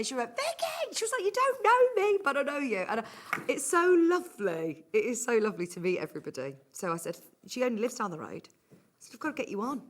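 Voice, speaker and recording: Gushing chatty woman presenter. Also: mid-range voice. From England. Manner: gushing, chatty, reads out viewer messages. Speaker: shopping channel presenter. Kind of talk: live sales chat. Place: TV studio.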